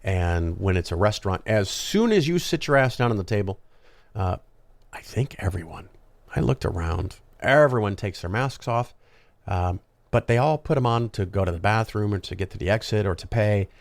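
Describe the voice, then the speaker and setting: Low, gravelly man rambling casually. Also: expressive, normal speed, no room sound. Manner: rambling, conversational, frequent ums and asides. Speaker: podcast host. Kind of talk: casual solo monologue.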